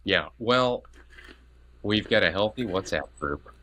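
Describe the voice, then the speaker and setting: A middle-aged man co-hosting a dad podcast, telling a story in casual chat and jumping up in pitch to act out the people he quotes. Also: a little slow, slight background noise. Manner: animated, jumps high to act out quoted voices. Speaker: podcast co-host.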